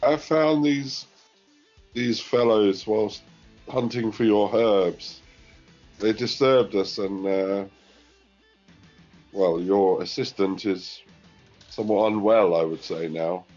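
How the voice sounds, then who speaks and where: A man voicing a polite gentleman character in a tabletop game, reporting in a formal, measured way. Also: fairly low pitch, muffled recording, faint music behind. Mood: deferential.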